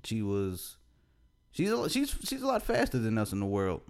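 A man's voice: on the low side, huge pitch swings, moderate pace. A man co-hosting a podcast in casual chat, laid-back, repeating phrases and laughing often. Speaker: podcast co-host.

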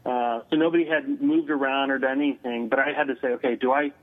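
A man, a guest on an interview, telling a story over the phone, halting with many filler sounds. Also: medium pitch, steady tone. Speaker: guest paranormal investigator. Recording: tinny phone line.

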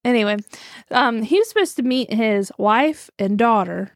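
A woman with a West Virginian accent tells a true-crime story in casual podcast chat, breaking into giggles as she goes. Her voice sits a bit high, and the sound is close and dry with no room around it. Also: expressive, moderate pace, no room sound. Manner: giggly, laughs often while telling. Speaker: podcast co-host.

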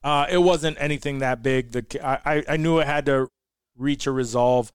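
A man's voice: medium pitch, moderate pace, clear, resonant tone, no echo, studio quality. A man co-hosting a casual podcast, rambling with many restarts and laughing easily. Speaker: podcast co-host. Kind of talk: casual chat.

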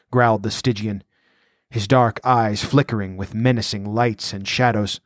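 A man narrating a pulp fantasy story in a steady, deliberate way. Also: medium pitch, no room sound, clean studio sound. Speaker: audiobook narrator. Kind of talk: scripted narration.

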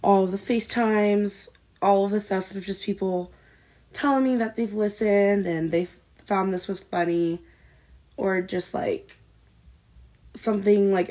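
A woman's voice: mid-range voice, a little mellow. A young woman in her twenties co-hosting a casual podcast, loose and laughing, swearing freely, recorded on a built-in laptop mic. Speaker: podcast co-host. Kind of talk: casual chat.

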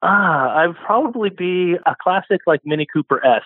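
A man's voice: high voice, animated, normal speed, slightly rough, dry recording. A man talking casually as an interview guest, rambling a little and correcting himself as he goes. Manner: rambling, self-correcting, chuckles often. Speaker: podcast guest, automotive storyteller. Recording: tinny phone-line audio, dry.

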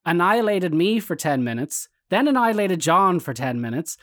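A man's voice: sits high, moderate pace, dry recording. List: man, Irish accent, casual rambling storytelling, dry close mic. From Ireland. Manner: rambling anecdotal storyteller, animated quoted voices. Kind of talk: casual chat.

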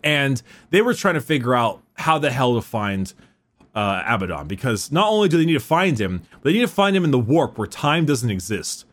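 A man's voice: mid-range voice, very animated, a little fast, a bit bright. A man hosting a podcast, chatting casually and stumbling over names with laughs. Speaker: podcast host. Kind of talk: casual chat.

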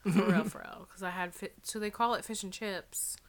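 A woman's voice: medium pitch, fairly even intonation, a little fast. A woman guest on a podcast, laid-back and rambling, sometimes apologetic. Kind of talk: casual chat.

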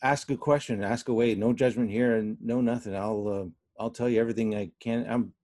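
A man working as a real estate agent, speaking earnestly and a bit haltingly in a casual chat. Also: mid-range voice, steady tone, a little mellow, no echo, studio quality. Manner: earnest, hesitant, many fillers. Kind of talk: casual conversation.

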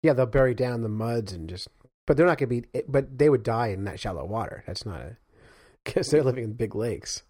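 Name: animated male podcast co-host. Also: medium pitch, a little fast, breathy edge, no echo, studio quality. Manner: animated storyteller, laughs often, acts out sounds. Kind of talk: casual chat.

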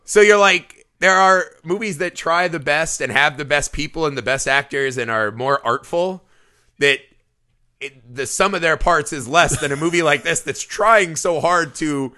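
Bright-voiced man telling profane stories. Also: fairly high pitch, moderate pace. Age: adult father. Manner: profane, animated storytelling with laughs. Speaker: podcast co-host. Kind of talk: casual movie review chat.

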